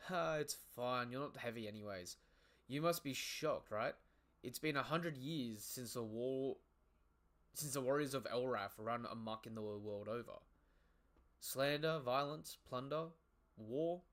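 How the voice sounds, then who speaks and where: A blunt, no-nonsense giant schoolteacher delivering a history lesson, as a man reads her lines aloud. Steady and lecturing, at a mid-range pitch. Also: measured pace, natural voice.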